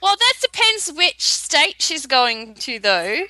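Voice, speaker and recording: Aussie woman on a podcast, bright high voice, matter-of-fact, bouncy pitch. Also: very animated, slow, a little hiss or hum. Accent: Australian. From Australia. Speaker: podcast guest. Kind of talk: casual group chat. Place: home with children.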